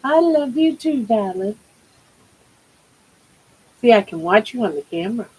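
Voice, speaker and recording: Husky older woman cooing baby talk. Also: fairly high pitch, big pitch swings, a little slow, darkish tone, poor audio. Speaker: livestream host. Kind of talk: casual livestream chat.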